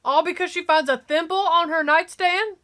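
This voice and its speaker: A woman giving excitable, gushing casual commentary while reacting to a movie. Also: very high voice, moderate pace.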